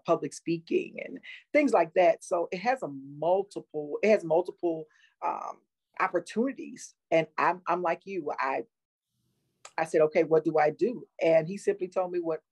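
A woman's voice: sits low, a little mellow, husky. A woman guest speaking in an encouraging, motivational way during a casual interview.

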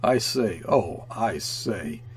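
A man's voice: mid-range voice, expressive, normal speed, slight background noise, close to an everyday voice. A man voicing Kayerts, a timid shaken chief. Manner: unsteady, hesitant, quiet.

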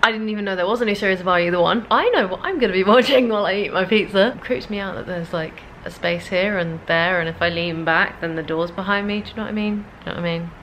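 A woman's voice: medium pitch, fast talker, few pauses, a bit bright. Young woman, giggly and chatty, vlogging to a handheld camera indoors with a faint hiss. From Britain. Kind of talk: casual travel vlog. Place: rented room in a home.

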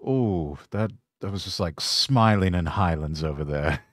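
A British man with a very low, deep voice hosts a podcast and chats casually with his guest. He sounds encouraging and often repeats the first words of a phrase. The recording is dry and close, with no room echo. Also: unhurried. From England. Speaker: podcast host. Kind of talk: casual interview chat.

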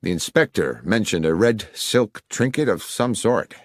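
A man voicing a smooth, self-assured male gentleman in an audiobook, affable and genteel. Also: lowish voice, lively intonation, a little slow, no echo, studio quality.

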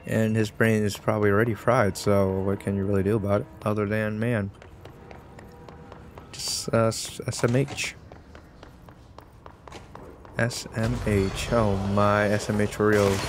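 Excitable man commenting on his game. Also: fairly low pitch, unhurried, pauses often, slight background noise. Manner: excitable, jokey, talks to himself while playing. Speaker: gaming streamer. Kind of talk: casual let's-play commentary.

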